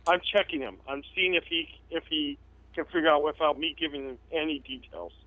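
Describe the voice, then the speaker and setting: A man's voice: on the high side, brisk, no room sound. A man chatting as a player in a tabletop game, explaining his moves earnestly and stumbling over words. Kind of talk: casual tabletop chat. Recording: dull dry lo-fi mic.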